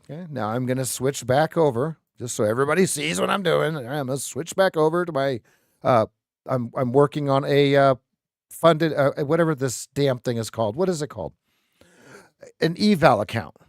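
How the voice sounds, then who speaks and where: Male live-stream host, mid pitch, dry close sound, animated and joking, doubles his words. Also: moderate pace, no echo.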